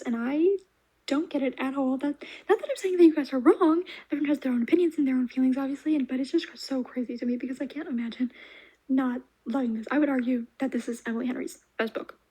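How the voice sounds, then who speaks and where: A young woman reviewing books in a casual vlog, gushing and animated, with soft half-whispered asides. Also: high voice, slightly rough, rough recording. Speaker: book reviewer. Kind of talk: casual reading wrap-up vlog.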